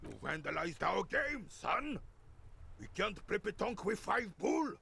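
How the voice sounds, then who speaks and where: An actor playing an irate old man who shouts indignant insults about his ruined game. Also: sits high, big pitch swings, measured pace, vocal fry, a little hiss or hum, exaggerated voice. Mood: furious.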